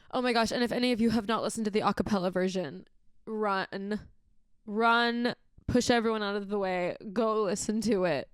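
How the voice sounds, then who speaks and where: Young woman, podcast host, casual and giggly, smooth clear voice, dry close sound. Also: mid-range voice, moderate pace, no echo. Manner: emotional, giggly, gushing. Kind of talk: casual solo chat. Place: in her bed at home.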